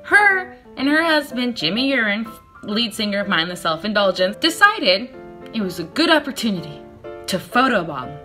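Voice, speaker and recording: A woman's voice: a little high, big pitch swings, normal speed, sharp tone, faint music behind. A young woman vlogger telling a personal story in a chatty, self-deprecating way, acting out her own nervous replies. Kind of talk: casual storytelling vlog.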